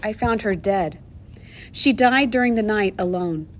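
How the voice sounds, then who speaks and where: A woman narrating a novel aloud in the first person, expressive and moving between hushed and urgent tones. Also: mid-range voice, a little slow, a little hiss or hum. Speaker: audiobook narrator.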